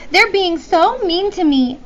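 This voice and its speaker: A woman voicing an upset preteen girl who blurts out complaints to her teacher in a whiny, high-pitched way. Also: animated, measured pace, a bit bright, slight background noise, heavily acted. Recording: dull lo-fi classroom recording.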